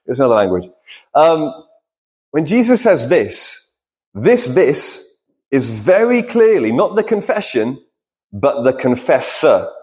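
A man's voice: mid-range voice, big pitch swings, slow pace, darkish tone. A man preaching a sermon in a church, talking with the congregation, asking questions and answering them himself.

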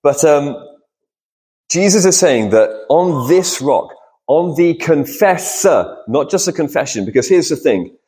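A man's voice: a little high, lively intonation, unhurried, mellow. A man preaching a sermon in a church, talking with the congregation, asking questions and answering them himself.

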